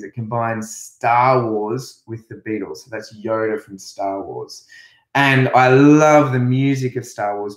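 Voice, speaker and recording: A man's voice: mid-range voice, a bit bright. A man with an Australian accent teaching a playful remote music lesson to young children, chatting and leading songs with actions. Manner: chatty, playful, sings and leads actions slowly. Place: echoey room. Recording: echoey room.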